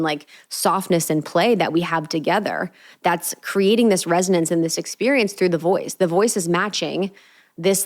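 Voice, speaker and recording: A young adult woman hosting a solo podcast, talking in an earnest, spiritual, casual way with lots of "like.". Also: fairly low pitch. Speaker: podcast host. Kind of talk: reflective solo podcast monologue.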